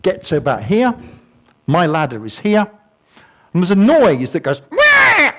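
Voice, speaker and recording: A man's voice: a little high, big pitch swings, normal speed, a little mellow. An older man giving a humorous talk to an audience, telling stories with self-mocking asides and sound effects. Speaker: guest speaker. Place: museum talk before a live audience.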